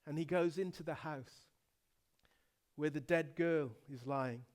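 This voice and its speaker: A middle-aged male pastor from England preaching a sermon, telling the story dramatically and swinging from hushed to loud. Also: fairly high pitch, a little slow.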